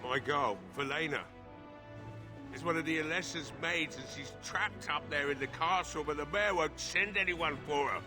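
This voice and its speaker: Man voicing a gruff grieving blacksmith. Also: a little high, moderate pace, over music, lightly acted. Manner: gruff, curt and weary. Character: grieving middle-aged male village blacksmith, drunk and bitter. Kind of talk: video game voice acting.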